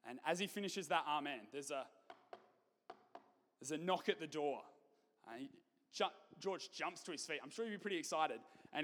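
Male preacher, higher pitch, animated and jokey, long church reverb. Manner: lively, animated, jokey asides. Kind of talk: sermon with storytelling.

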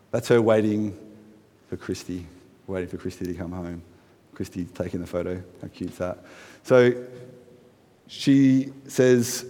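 Conversational pastor in a reverberant hall. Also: male voice, medium pitch, darkish tone. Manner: conversational, asks the congregation questions, light humorous asides. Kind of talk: sermon.

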